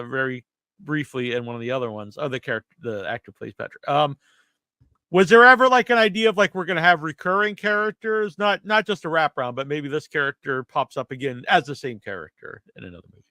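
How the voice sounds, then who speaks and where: A man's voice: on the high side, lively intonation, a little fast, sharp tone, smooth, no echo. A man hosting an interview podcast, asking casual questions with many fillers. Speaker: podcast host. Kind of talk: interview conversation.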